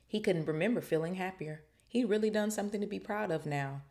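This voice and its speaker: A woman's voice: medium pitch, brisk. A woman podcast host reading a novel aloud and breaking off for joking, slangy commentary. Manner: animated, joking asides in casual slang. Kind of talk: book reading with casual commentary.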